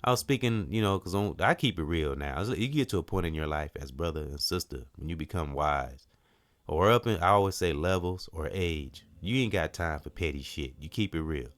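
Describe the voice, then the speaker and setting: A man's voice: low-pitched, expressive, a little fast. A middle-aged man talking casually and earnestly about volunteering, rambling, often saying "you know" and tripping over words. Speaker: volunteer and channel host. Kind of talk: casual motivational talk.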